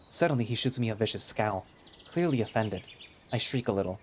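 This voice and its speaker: A man narrating a first-person audio drama in a wry, expressive way. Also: lowish voice, fairly quick, a little hiss or hum. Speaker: narrator and lead voice.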